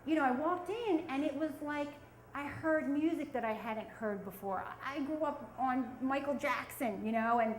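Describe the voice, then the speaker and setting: A woman's voice: sits high, normal speed, reverberant, poor audio. A woman, telling a self-mocking story on stage at a storytelling event. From South Philadelphia. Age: 40s. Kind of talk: live storytelling.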